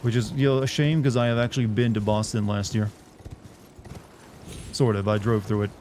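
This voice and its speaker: A man's voice: on the low side, little pitch movement, normal speed, a little mellow, slight background noise. A man giving casual, rambling live commentary while streaming a video game. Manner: rambling and chatty, full of "like".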